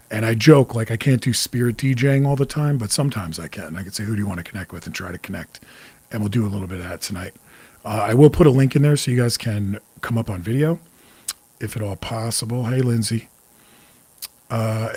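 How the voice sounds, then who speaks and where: A slightly rough, darkish, fairly low voice belongs to a man in his forties from the New York area. On his casual psychic-medium livestream he's frank, curses liberally, and greets viewers by name.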